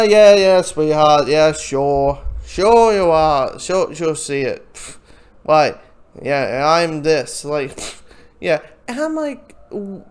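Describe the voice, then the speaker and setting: A man's voice: high-pitched, a little mellow. A man talks through his take on a movie in a loose, casual way, wandering from point to point. His voice swings up and down a lot as he goes, and now and then he slips into the voices of the people he is quoting. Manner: rambling, acts out quoted lines. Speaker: film reviewer. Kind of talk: casual spoken movie review.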